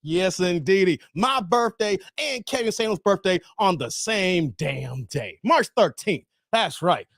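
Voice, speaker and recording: A man, hosting a casual livestream and chatting hyped with viewers, laughing and shouting them out. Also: high-pitched, animated, measured pace, hardly any pauses, dry recording, clean studio sound. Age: 40s. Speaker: livestream host. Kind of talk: casual livestream chat reading viewer comments.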